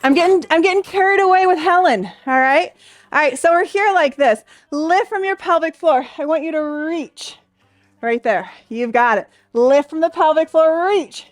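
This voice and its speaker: A woman's voice: very high-pitched, normal speed, no room sound. A young adult woman leading a Pilates class, cheering and counting reps, a bit out of breath. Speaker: Pilates instructor. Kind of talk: workout class instruction.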